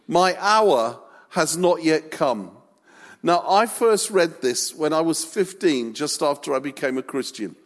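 A man preaching a sermon, telling a story with humor and lively delivery. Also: fairly high pitch. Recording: long reverb of a large hall.

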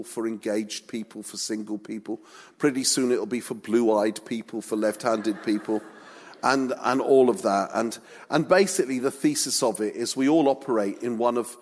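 A man preaching a sermon in a chatty, humorous way with light asides. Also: medium pitch.

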